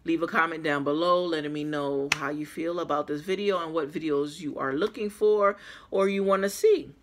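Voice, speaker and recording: A woman's voice: low voice, normal speed. A woman who is losing her voice, chatting casually with her viewers in an unboxing vlog, filmed on a camera on a small tripod. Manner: chatty, addresses viewers as guys. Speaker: vlogger.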